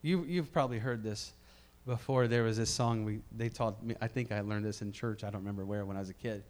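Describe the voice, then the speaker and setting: Preaching at a fairly quick pace in a fairly low voice, a pastor addresses his congregation. He moves from quiet, thoughtful moments to loud, emphatic stretches, frequently repeating words to build momentum.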